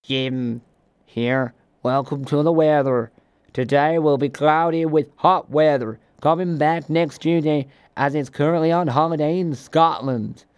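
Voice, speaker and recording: A man voicing a deadpan weatherman called Jim in a comic radio sketch, flat and quiet. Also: on the high side, measured pace, close to an everyday voice.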